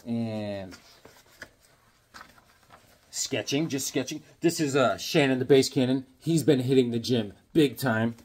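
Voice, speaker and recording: Husky easygoing man chatting to camera. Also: mid-range voice, slow pace, long pauses, a little mellow. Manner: rambling, easygoing, chuckling asides. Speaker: comics collector showing his drawings. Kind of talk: casual chat to camera.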